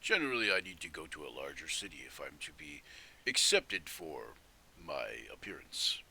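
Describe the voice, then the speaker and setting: A man's voice: very deep voice, sing-song, normal speed, sharp tone, slightly rough, pitched below the performer's own voice, exaggerated voice. A man voicing a polite minotaur scholar. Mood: courteous. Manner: formal, courteous, old-fashioned phrasing. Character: gentle scholarly male minotaur archaeologist. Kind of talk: live-streamed tabletop role-play.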